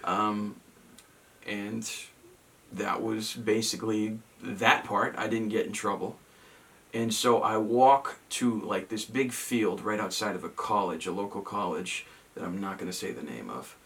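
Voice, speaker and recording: A man's voice: on the low side, unhurried, fairly bright tone, distant mic. A young man from Massachusetts telling a story in casual chat, rambling and self-mocking, with many ums and restarts.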